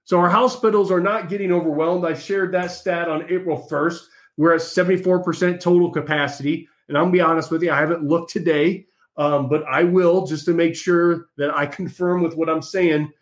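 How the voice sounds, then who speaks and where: A man's voice: fairly high pitch, fairly even intonation, fairly quick. Combative man delivering a mocking monologue. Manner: combative and mocking, addresses listeners as folks. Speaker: political commentary host. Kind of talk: opinionated monologue.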